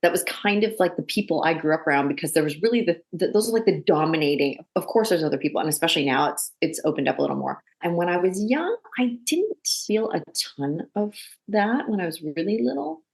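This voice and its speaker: Brief: low, gravelly woman, guest actor, lively storyteller. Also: fast talker. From Canada. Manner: chatty, animated storytelling with quoted voices. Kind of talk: casual interview.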